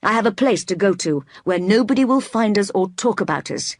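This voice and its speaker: A woman reading as a passionate, brooding gentleman. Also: medium pitch, lively intonation, brisk, no echo, clean studio sound. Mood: urgent. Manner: pleading and impassioned, sometimes forceful. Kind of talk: audiobook dialogue reading.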